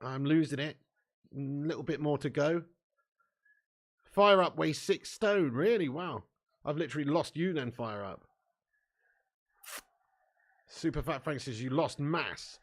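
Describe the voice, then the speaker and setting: A young man hosting a live football watch-along, bantering with his chat and swearing freely, getting loud when a chance comes. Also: on the high side, expressive, unhurried, long pauses.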